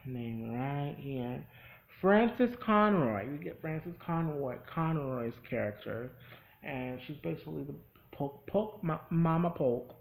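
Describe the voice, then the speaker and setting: Gravelly dude chatting through an episode recap, rambly, lots of restarts. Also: male voice, on the high side, animated, slow pace, low-quality recording. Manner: rambling, chatty, with many restarts and acted-out quotes.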